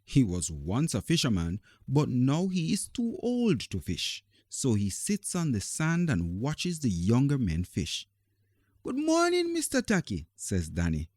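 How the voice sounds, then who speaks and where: A man reads a children's story aloud, gentle and deliberate. His voice is mellow and relaxed, with a lively, expressive lilt. The recording is dry and close. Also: mid-range voice, dry recording.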